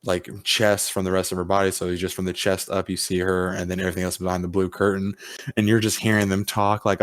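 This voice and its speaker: A man's voice: low voice, completely flat delivery, fast, dry recording, clean studio sound. A man hosting a podcast, telling a casual story with acted-out quotes and plenty of swearing. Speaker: podcast host. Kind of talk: casual chat.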